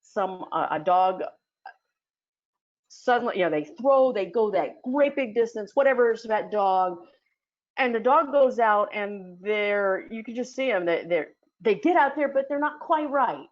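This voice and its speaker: Woman explaining dog training tricks, chatty w lots of ums, mid pitch, kinda dull lo-fi audio. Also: lively intonation, moderate pace. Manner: chatty, with many fillers and restarts. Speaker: dog sport instructor. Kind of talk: casual teaching talk in an audio chat room.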